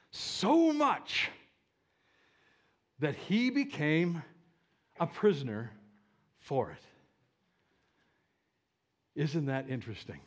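A male pastor preaching a sermon to his congregation, swinging from loud, emphatic calls to low, quiet asides. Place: church sanctuary with a live congregation.

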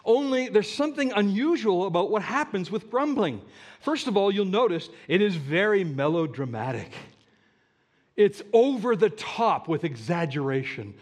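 A middle-aged man preaching, his voice pitched high and swinging widely from line to line. He throws rhetorical questions at the congregation and leans into emphatic, animated phrasing. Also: moderate pace. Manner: animated, rhetorical questions, mock-whiny quoting. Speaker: pastor. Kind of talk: sermon.

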